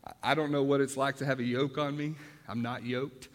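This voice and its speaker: A man's voice: medium pitch, steady tone, fairly quick. A man preaching a sermon as pastor in a church, conversational with rhetorical questions and joking asides. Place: church sanctuary. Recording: long hall reverb.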